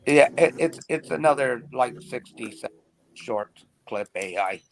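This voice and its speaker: A man's voice: medium pitch, lively intonation, a little slow, creaky, a little hiss or hum. A man co-hosting a podcast, telling a rambling, profane story full of stammering restarts. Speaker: podcast co-host. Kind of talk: casual chat.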